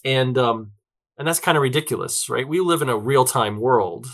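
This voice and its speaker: A man speaks as a guest in an interview, his voice bright and forward in a middle register. He talks loosely and conversationally, checking in with listeners as he goes and filling pauses with small hesitations. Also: medium pitch. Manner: chatty, peppers sentences with "right?" and fillers. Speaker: guest, tech company representative.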